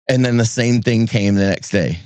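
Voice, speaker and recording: A middle-aged man from New England, a pastor co-hosting a podcast, speaks in a somewhat low voice recorded close and dry. He tells a candid personal story, sinking into low, heavy tones and then leaping into high, exasperated bursts. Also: a little mellow, no echo.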